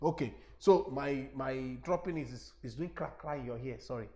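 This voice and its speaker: A middle-aged man with a Nigerian accent, teaching a webinar on a lapel mic, animated and repeating himself as he talks straight to his listeners. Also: medium pitch, normal speed.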